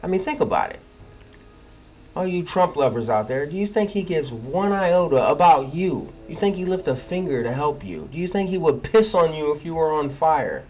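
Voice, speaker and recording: Lively opinionated man chatting. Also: on the high side, normal speed, faint music behind. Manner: rambling, opinionated, laughs at the game. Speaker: gaming video host. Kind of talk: casual gameplay commentary.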